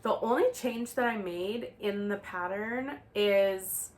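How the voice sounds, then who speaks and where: Slow, chatty Canadian woman vlogger. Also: mid-range voice, slight background noise. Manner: chatty, rambling, with frequent fillers and restarts. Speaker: knitting vlogger. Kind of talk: casual chat to camera.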